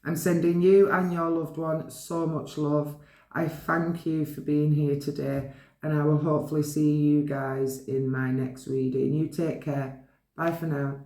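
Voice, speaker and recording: A woman giving a pick-a-card reading, gently and affectionately reading the card messages aloud to her viewers. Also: low voice, flat delivery, measured pace, roomy sound. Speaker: tarot card reader.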